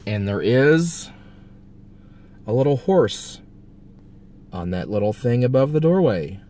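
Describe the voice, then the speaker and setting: Excitable man narrating from a car. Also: medium pitch, slow. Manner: excitable, reads signs aloud, wondering. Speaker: vlogger. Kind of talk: casual driving vlog narration. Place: in a car driving through a village.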